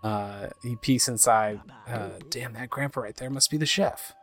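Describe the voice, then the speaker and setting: A man's voice: medium pitch, moderate pace, a bit bright. A man talks casually through a video game as he plays it, narrating each scene in an everyday mid-range voice. Faint music runs underneath. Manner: reads game dialogue aloud in put-on voices. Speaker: game streamer. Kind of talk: casual let's-play commentary.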